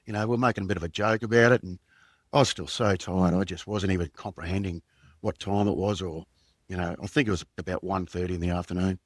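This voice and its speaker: A middle-aged Australian man, a podcast guest and former police detective, telling a personal story in a halting, reflective way with many fillers and restarts. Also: low voice, steady tone, no room sound.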